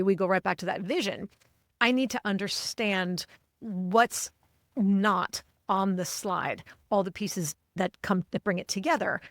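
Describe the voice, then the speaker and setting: A woman's voice: mid-range voice, measured pace, dry recording, studio quality. A middle-aged woman speaking as an executive coach in a podcast interview, articulate and emphatic. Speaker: guest, cognitive linguist and executive coach.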